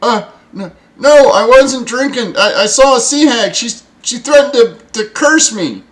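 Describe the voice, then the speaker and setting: A man voicing a panicked young male lookout sailor, high and flustered. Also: lively intonation, slow, fairly bright tone, full character voice.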